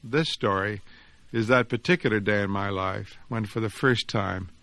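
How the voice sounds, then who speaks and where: A man, the author, reading his own story aloud in an expressive, measured storytelling voice. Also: fairly low pitch, dry recording. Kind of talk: dramatic reading of fiction and reflective commentary.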